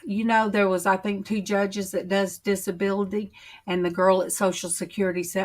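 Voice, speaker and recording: A woman chatting on her faith livestream, talking slowly and emotionally with many pauses and fillers. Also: medium pitch, flat delivery. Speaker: channel host on a faith livestream. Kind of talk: casual chat, reading viewer comments.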